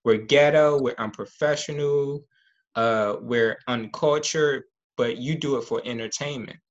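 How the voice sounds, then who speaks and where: A man with an ordinary mid-range voice speaks earnestly in a relaxed conversation. He pauses now and then with fillers as he works through personal stories. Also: mid-range voice, muffled recording. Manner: earnest, tells personal stories, some hesitation. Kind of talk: casual chat.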